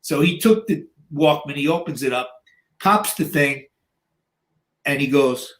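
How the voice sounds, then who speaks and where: With a fairly high pitch, he talks a little slowly and leaves long pauses. The man, in his sixties, is a podcast guest whose casual storytelling is blunt and profane, packed with "you know" and reenacted lines from others.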